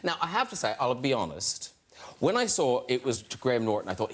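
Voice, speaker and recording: A man's voice: medium pitch, sing-song, fairly quick. A man hosting a talk show, chatty and teasing, laughing often. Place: television studio with live audience. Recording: studio audience and noise behind.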